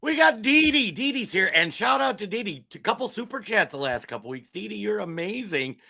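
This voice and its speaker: Bright, chatty man from Minnesota, excitable co-host. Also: high voice, fairly quick, creaky. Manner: excitable, chatty, gives shout-outs. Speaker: podcast co-host. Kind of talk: political talk show banter.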